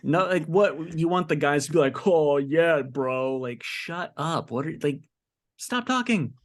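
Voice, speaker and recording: A man's voice: on the high side, lively intonation, a little slow. A young man co-hosting a podcast, telling a story in casual, profane, exasperated chat. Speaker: podcast co-host.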